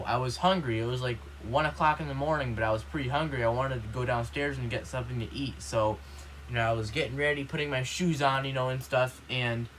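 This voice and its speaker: Male vlogger, mid pitch, rambling indignant rant, swears freely, faint background noise. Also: fairly bright tone. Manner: rambling, heavy use of "you know", repeats himself; indignant, swears when upset. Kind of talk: casual ranting vlog.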